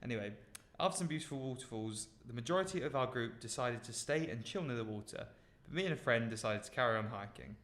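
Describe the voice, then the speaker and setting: A man's voice: medium pitch, animated, fast talker, hardly any pauses, a bit bright. A young British man co-hosting a podcast, telling stories casually with lots of "like" and fillers. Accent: British English. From Britain. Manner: rambling storyteller with many fillers. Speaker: podcast co-host. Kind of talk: casual chat. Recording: roomy echo.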